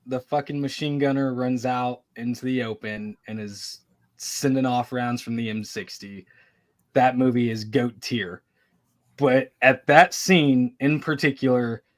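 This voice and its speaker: A man on a casual panel, blunt and swearing freely as he argues. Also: medium pitch. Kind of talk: casual debate chat.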